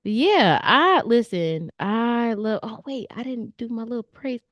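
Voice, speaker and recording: With a fairly high, fairly bright and animated voice, a woman streams live, going through viewer artwork at a measured pace. She chats casually and playfully, slangy and direct, in a dry recording with faint music underneath.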